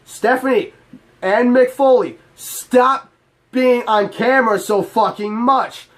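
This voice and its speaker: A man's voice: extremely high pitch, slow pace. A man hosting his own channel, delivering a heated, profane, exasperated rant to camera. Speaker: channel host. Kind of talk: ranting vlog to camera.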